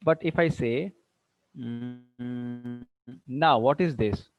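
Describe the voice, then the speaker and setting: A man's voice: medium pitch, drawn-out words, faint music behind. A man teaching English grammar to a class, quizzing the students and mixing in Hindi. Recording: dull dry classroom recording.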